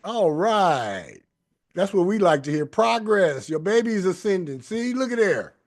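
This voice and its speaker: Host: man, fairly high voice, emphatic and repetitive, spiritual talk show. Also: big pitch swings, a little slow. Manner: repetitive, emphatic, sing-song affirmations. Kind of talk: spiritual talk show, casual group chat.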